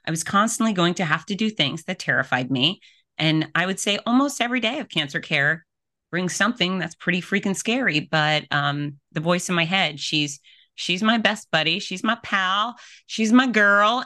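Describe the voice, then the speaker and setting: A middle-aged woman with a low but bright, forceful voice tells her story on a podcast. She is lively and expressive. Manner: vivid, expressive, with laughs and acted-out quotes. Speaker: podcast guest, fitness expert and speaker. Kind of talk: animated storytelling in an interview.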